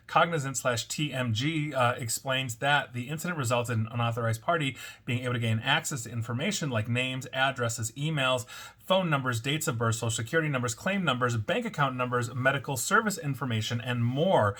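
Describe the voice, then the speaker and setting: A man hosting a weekly cybersecurity news roundup, reading items briskly and adding wry asides. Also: medium pitch, bright, forceful tone, slightly rough.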